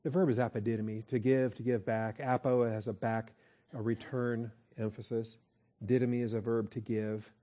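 Man, pastor, verse-by-verse Bible teaching, mellow warm tone, conversational, slow emphatic repeats. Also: mid-range voice, little pitch movement, dull audio. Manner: conversational, with frequent "okay?" check-ins and slow emphatic repeats.

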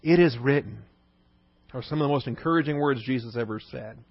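A male pastor preaches an expository sermon in a mid-range voice, a little fast, with vocal fry. He's emphatic, repeating key points and asking rhetorical questions, and the audio is dull with no room sound.

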